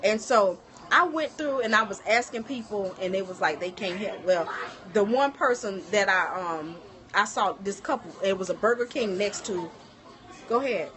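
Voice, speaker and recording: A middle-aged woman hosting a livestream in her home kitchen chats casually, addressing viewers as "y'all" while telling animated stories. She has a mid-range voice and a moderate pace.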